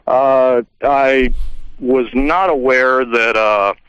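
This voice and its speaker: A man's voice: medium pitch, steady tone, fairly bright tone, smooth, dry recording. Man calling in over a dull phone line. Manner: measured, hesitant with many uhs. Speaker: caller. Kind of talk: phone-in comments.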